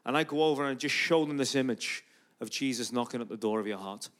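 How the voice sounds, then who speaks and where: A man's voice: mid-range voice, fast. A man from Ireland, preaching in a church and telling a story with lots of acted-out dialogue. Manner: animated storyteller who acts out dialogue. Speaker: guest preacher and street evangelist. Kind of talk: storytelling sermon.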